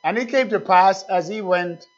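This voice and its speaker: A man preaching a sermon, swinging between quiet asides and fervent rising calls. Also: high-pitched, normal speed, dull audio.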